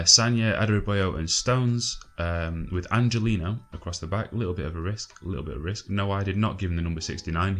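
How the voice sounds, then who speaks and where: A low-voiced man talks through his game in a loose, chatty way. He sounds exasperated, swears freely and fills gaps with ums. Faint music plays underneath. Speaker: gaming channel host. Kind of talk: casual gameplay commentary.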